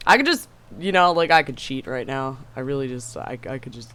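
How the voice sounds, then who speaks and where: Excitable, swearing game streamer. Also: medium pitch, brisk, slight background noise. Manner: excitable, swears often, yells at enemies; chatty asides to viewers. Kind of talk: casual live gameplay commentary.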